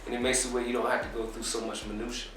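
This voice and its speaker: A man being interviewed, explaining his business in a relaxed, casual way with plenty of fillers. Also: medium pitch, rapid-fire, recorded from a distance. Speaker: interview guest, business owner. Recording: very echoey room, off mic.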